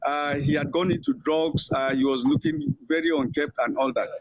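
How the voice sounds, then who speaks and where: An older man with a Nigerian accent tells his stories with lively energy. His voice is husky and sits high for a man, and he does the voices of the people in his stories. The sound is dry and a little muffled. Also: normal speed, no echo. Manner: animated storyteller, acting out quoted voices with higher pitch. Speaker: interview guest, veteran journalist. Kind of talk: storytelling interview.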